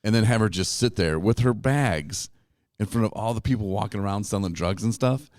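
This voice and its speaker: A man with a very low voice hosts a casual podcast chat, telling animated stories and laughing along the way. The sound is dry and close, with no room around him. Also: brisk, dry recording. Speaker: podcast host. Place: recovery retreat.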